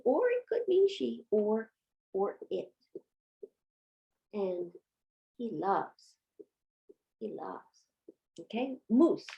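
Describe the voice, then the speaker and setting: A woman's voice: medium pitch, creaky, mellow, muffled recording. A woman giving a patient homeschool Latin lesson, asking and answering her own questions. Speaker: Latin teacher.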